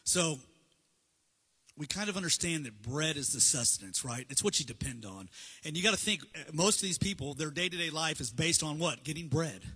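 A man's voice: fairly high pitch, animated, a little fast, sharp tone, breathy edge, in a large hall. A man preaching a casual, conversational sermon with slides, acting out bits of dialogue.

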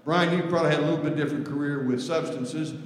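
Male pastor, casual preaching, slightly high voice, roomy hall echo. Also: steady tone, fast talker. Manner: conversational, folksy preaching. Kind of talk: sermon. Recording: echoey hall with long reverb.

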